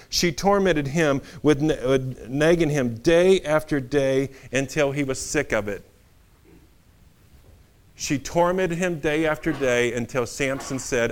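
Conversational preacher man, mid pitch. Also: a little slow. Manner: conversational, animated storytelling with asides. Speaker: pastor. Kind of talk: sermon.

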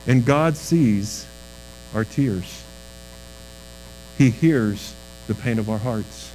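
A man preaching a sermon as a pastor, earnest, his voice dropping low and quiet on key lines. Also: drawn-out words, slight background noise, poor audio.

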